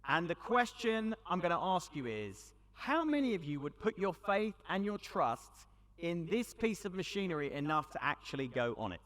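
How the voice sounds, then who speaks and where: A man with a British accent giving a storytelling talk to a young audience at an event, conversational with dramatic pauses. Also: high-pitched, very animated, fairly bright tone. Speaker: youth event speaker. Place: large hall with audience. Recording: long hall reverb.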